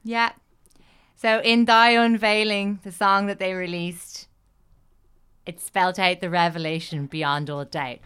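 A woman co-hosting a podcast, recounting a story in casual chat with a wry, deadpan manner. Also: mid-range voice, takes it slowly, clean tone. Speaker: podcast co-host.

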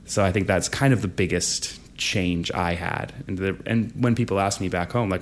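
Chatty Canadian man, low voice. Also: normal speed, slight background noise. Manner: relaxed and chatty, laughs often, acts out quoted voices. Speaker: drama teacher and guest. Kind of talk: casual interview conversation.

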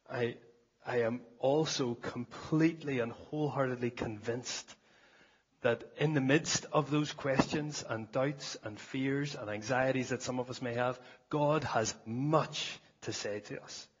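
A man's voice: medium pitch, a little slow, slightly rough, dull audio. A man preaching a sermon at a church service, earnest, often repeating words as he starts a phrase.

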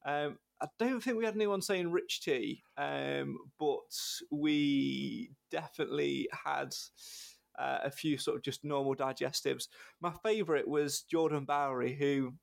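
A man chats as a podcast guest, telling anecdotes and laughing easily. His voice sits a little high and has a gravelly edge. He is heard close on a dry mic. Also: unhurried, dry recording. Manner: chatty, anecdotal, laughs often. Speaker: podcast guest, football fan. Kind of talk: casual podcast chat.

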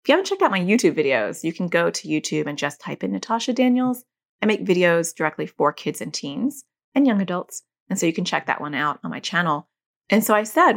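A woman's voice: on the low side, sing-song, fairly quick, creaky. A middle-aged woman hosting a podcast, talking candidly and casually and acting out bits of dialogue with her kids. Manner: chatty, candid, acts out quoted dialogue with family. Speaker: podcast host and anxiety educator. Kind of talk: casual solo podcast talk.

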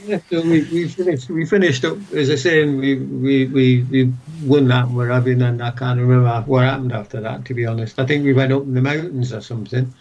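A man's voice: medium pitch, fairly even intonation, fairly quick, hardly any pauses, a little mellow, muffled recording. An older man, a former footballer, talks as a guest and retells old stories in a rambling way, with many restarts. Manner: rambling, many restarts and "what have you". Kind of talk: casual interview reminiscing.

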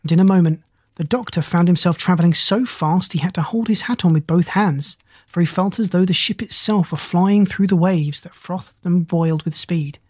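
An audiobook narrator reading a children's adventure story in a steady, measured way. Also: mid-range voice, breathy edge, dry recording.

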